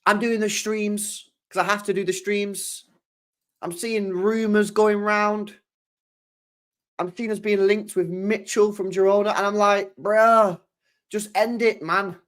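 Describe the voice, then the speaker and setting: A man's voice: high-pitched, level tone, slow, fairly bright tone. A young man chatting casually on a football stream, exasperated, swearing often and laughing.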